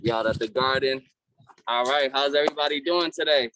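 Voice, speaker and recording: A man's voice: medium pitch, a little fast, background noise. A young man with a Boston accent, performing rhymed spoken-word verses with a confident, rhythmic delivery and hyping up his audience on a video call. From Massachusetts, US. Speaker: featured poet and recording artist.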